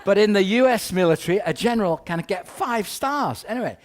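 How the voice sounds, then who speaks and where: A man giving a humorous talk, telling a rambling anecdote full of wry asides and quick jokes. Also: sits high, animated. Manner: rambling, often restarts with "anyway". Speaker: keynote speaker.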